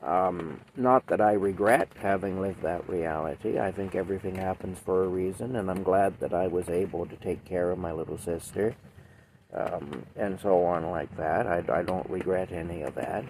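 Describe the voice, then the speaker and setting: A hoarse man with a sore throat, rambling in a folksy way as he chats with a cow companion and often adds "eh". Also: low voice, normal speed, a little mellow, slight background noise. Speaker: video host reacting to a song. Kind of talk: casual chat to a toy cow.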